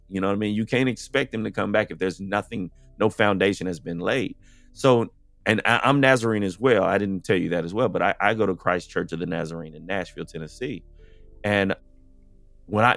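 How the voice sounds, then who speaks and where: Man, lowish voice, earnest, conversational, dry close mic, faint music behind. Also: no echo. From United States. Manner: earnest, conversational, frequent "you know". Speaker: podcast guest. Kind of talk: casual testimony in conversation.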